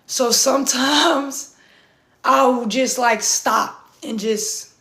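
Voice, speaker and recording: Hoarse woman ranting on a live stream, high voice, slow and heavy, echoey room. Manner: intense, repetitive, profane, swings to shouting. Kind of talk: casual live-stream monologue. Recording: roomy echo.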